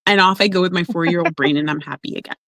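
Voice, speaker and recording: A woman who works as an emotional coach, talking in a casual podcast conversation and telling stories with lively acted-out voices. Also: on the low side, racing, no room sound. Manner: animated storyteller, acts out quoted voices.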